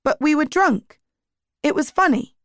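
A woman's voice: high voice, expressive, measured pace, no room sound, studio quality, voice pushed up. A woman reading aloud and voicing a teenage schoolgirl, popular and guarded, in a lightly raised voice.

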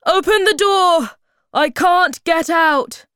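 Woman voicing Moomin Papa, high and shouting. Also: slow, dry recording, studio quality, heavily acted. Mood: alarmed shouting. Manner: shouting, urgent, raised high voice. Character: Moomin Papa, fatherly troll-like creature, excitable.

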